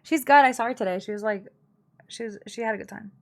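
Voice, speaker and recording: A woman's voice: a little high, fast talker, soft background music. A young woman live-streaming from home, chatting casually with her viewers and telling family gossip in a blunt way, full of fillers.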